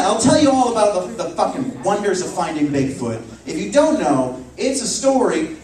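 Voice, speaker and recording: High-voiced comedian in echoey club. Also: male voice. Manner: deadpan, profane, mocking repetition. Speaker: stand-up comedian. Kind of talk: stand-up routine. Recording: echoey club, distant mic, crowd. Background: audience laughter.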